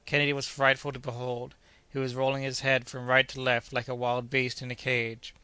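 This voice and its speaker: A man narrating an adventure audiobook in a measured, steady reading. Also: mid-range voice, clear, resonant tone, dry recording.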